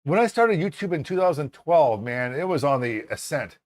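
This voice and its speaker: A man's voice: fairly high pitch, sing-song, moderate pace. A man hosting a live stream, chatting casually and frankly venting about online video. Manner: frank, exasperated rant. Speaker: host.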